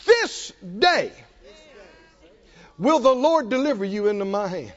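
Preacher playing a fearless youth, high, shouted, slow and declaiming; echoey, dull hall sound. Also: male voice, sing-song, heavily acted. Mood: defiant. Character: bold young shepherd boy, defiant and fearless. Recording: dull audio in a large reverberant hall.

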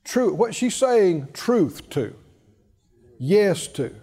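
A man's voice: high-pitched, very animated, drawn-out words, mellow, slightly rough. A man preaching a sermon, emphatic and drawing call-and-response from the congregation, with chuckling asides.

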